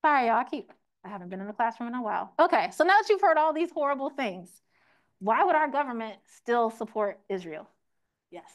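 A woman's voice: fairly high pitch, very animated, brisk. A young woman teaching a room, asking the audience questions and acting out quoted voices. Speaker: teach-in speaker. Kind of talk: interactive classroom lecture.

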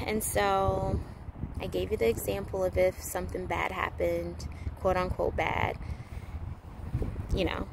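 A woman giving a casual spiritual talk, rambling with many fillers and restarts, playful and animated. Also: on the low side, creaky, noisy background. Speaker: spiritual teacher.

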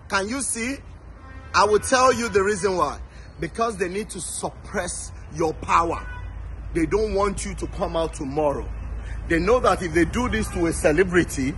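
A man with a Nigerian accent delivers a fiery protest speech in a high voice. He rails and swears, stumbling over repeated words, with faint traffic noise behind him. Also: a bit bright, rough recording. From Lagos, Nigeria. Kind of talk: impassioned protest address.

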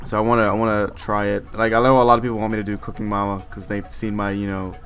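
A man's voice: fairly low pitch, little pitch movement, fast talker, a bit bright. A man playing a video game as a guest, chatting casually, rambling and joking, with lots of "like" and "you know". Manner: rambling and jokey, many "like" and "you know" fillers. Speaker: guest gamer.

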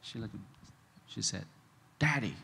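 A man preaching a sermon as a pastor, telling a personal story with laughter, swinging from loud shouts to hushed, quiet moments. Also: medium pitch, normal speed, long reverb tail. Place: large church hall.

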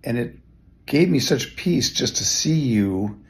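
A man records a slow, gentle and reflective tribute message, away from the mic. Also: mid-range voice, lively intonation, gravelly.

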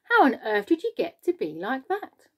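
A woman's voice: high voice, wildly swooping pitch, normal speed, a bit bright, husky, pitched above the performer's own voice, full character voice. A woman doing a polite, curious young boy.

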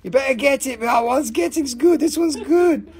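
A live-stream seller of rocks and crystals who talks in a casual, joking, profane and excitable way. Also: sits high, normal speed. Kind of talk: casual live sales chat.

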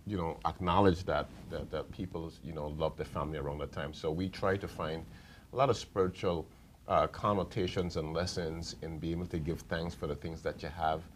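Pastor guy on a tv panel, super deep voice, faint hiss behind, lots of ums. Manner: hesitant, many fillers and restarts. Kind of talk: TV panel discussion. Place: TV studio.

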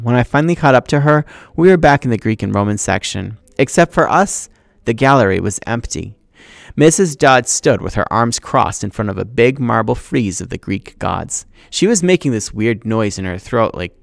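A man's voice: medium pitch, expressive, normal speed, gravelly, no echo, studio quality. A man teacher reading a novel aloud to his class, acting out the dialogue with expression.

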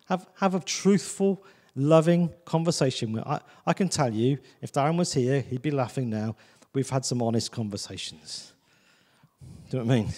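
A man gives a sermon in a church with a mellow, warm tone. He talks loosely and personally, stopping often to check in with the congregation. His pitch sits in a middle range. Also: lively intonation, moderate pace, in a large hall. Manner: conversational, repeats "do you know what I mean". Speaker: visiting preacher.

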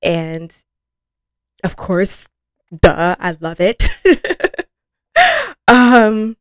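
A woman's voice: on the low side, very slow, clear, resonant tone, no room sound, clean studio sound. A woman hosting a music reaction video, gushing and giggling as she chats to her viewers. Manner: effusive and giggly, talks to viewers. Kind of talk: casual reaction chat.

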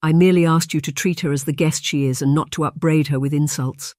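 A man's voice: fairly high pitch, fairly even intonation, fast talker, a little mellow, no echo, close to an everyday voice. A dignified, protective aunt speaks firmly and sharply, in a voice raised well above the reader's own, as a male audiobook narrator puts her on. The sound is dry and close-miked. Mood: stern. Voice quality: firm, harsh-toned. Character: dignified older aunt, woman, firm and protective.

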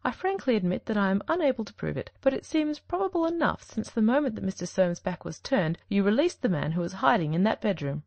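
A shrewd, confident detective who lays out his reasoning with authority, as a woman reader takes on his lines. The voice rises and falls with lively swings of pitch, and a gravelly edge creeps into it. The storybook reading sounds dry and close. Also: fast, hardly any pauses, no echo. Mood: stern. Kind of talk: audiobook reading.

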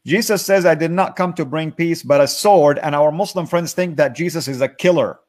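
Guy hosting, voice a bit high, keeps saying amen, argues pointedly. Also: fairly quick, darkish tone. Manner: affirming, interjects amens, pointed debating tone. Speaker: host. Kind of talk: casual talk show interview.

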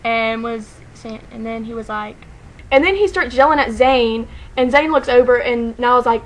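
A woman telling a story to the camera in a casual vlog, excited and rambling, saying "like" constantly and laughing often. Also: fairly high pitch, normal speed, a little hiss or hum, poor audio. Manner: excited, rambling, heavy use of "like", frequent laughter.

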